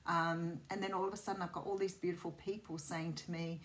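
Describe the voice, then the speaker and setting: A woman's voice: on the low side, level tone, brisk, slight background noise. Soothing Australian woman reading tarot. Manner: rambling and intuitive, with many fillers and restarts. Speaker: tarot reader. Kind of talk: chatty tarot reading to camera.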